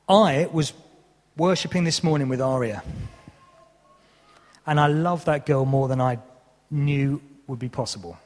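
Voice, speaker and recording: Man preaching in a reverberant hall. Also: fairly high pitch. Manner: candid, self-deprecating, humorous. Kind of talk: sermon. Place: church hall.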